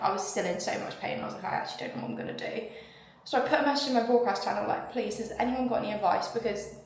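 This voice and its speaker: A woman's voice: mid-range voice, very echoey. A woman, chatting casually to camera in a vlog, rambling with lots of "like". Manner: chatty, rambling, heavy use of "like". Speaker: vlogger.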